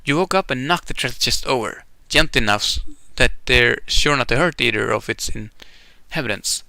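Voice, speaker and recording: A man streams a game and reads its story text aloud, breaking off for chatty asides and laughing at himself. His voice is bright and lively with a gravelly edge, recorded close in a dry room. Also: medium pitch, normal speed, no room sound. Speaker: gamer streaming an event.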